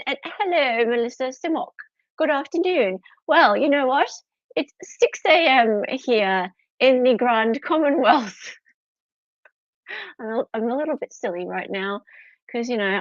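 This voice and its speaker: A middle-aged Australian woman hosts a casual livestream from home, chatty and giggly as she greets her viewers. Her voice is a little high and the recording is dry, with slightly dull lo-fi audio.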